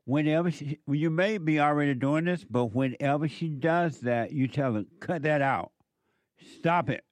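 A man's voice: fairly high pitch, moderate pace, no room sound. Blunt, laughing male radio host. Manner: blunt, laughs often, lectures callers. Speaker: radio talk show host. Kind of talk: call-in radio talk.

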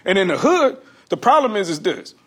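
A male comedian, a guest on an interview show, telling stories in an animated, slangy way and laughing often. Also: high-pitched, a little fast, husky. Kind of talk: casual interview storytelling.

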